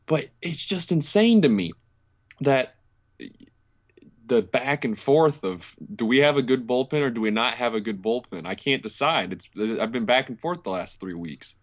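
A man's voice: medium pitch, lively intonation, normal speed. A young man co-hosting a casual sports podcast, thinking aloud with frequent fillers and restarts. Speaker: podcast co-host.

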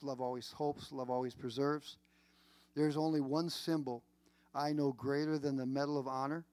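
A man preaching a sermon, emphatic and repetitive, with dramatic pauses. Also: medium pitch, darkish tone, no echo. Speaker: pastor.

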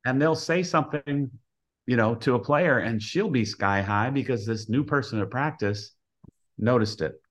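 Plainspoken male softball coach guest. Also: medium pitch, moderate pace. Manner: plainspoken, explanatory. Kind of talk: casual podcast interview.

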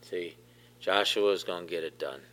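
A lower-pitched man preaches with emphatic, repeated phrases and asks his congregation questions along the way. His delivery is that of a pastor giving a sermon. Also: normal speed, a bit bright.

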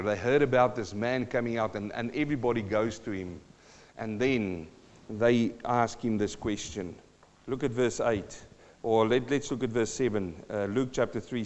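Emphatic preacher man in a reverberant hall. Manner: emphatic, with big swings in loudness and pitch; wry, teasing asides. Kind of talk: sermon. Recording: long hall reverb, dull lo-fi sound.

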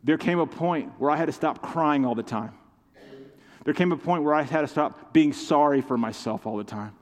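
A man's voice: fairly high pitch, moderate pace. A man delivers a heartfelt sermon, his voice carrying with a long echo through a large church hall. He preaches with passion, rising and falling as he calls his listeners to answer back. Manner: impassioned preaching with call-and-response. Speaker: pastor. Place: church sanctuary.

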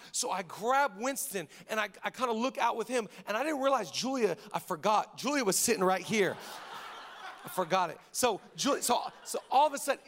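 A man in his thirties preaching with a high, light voice. He tells family stories with lively, jokey energy and acts out the people in them, then drops to a hushed, earnest tone to pray. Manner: lively, jokey storytelling with exaggerated quoted voices. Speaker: pastor. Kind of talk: sermon with prayer and storytelling.

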